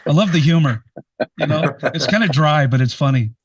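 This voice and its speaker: A man's voice: on the high side, moderate pace, breathy edge. An American man hosting a music podcast, chatting in a rambling, enthusiastic way. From United States. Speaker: podcast host. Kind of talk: casual interview chat.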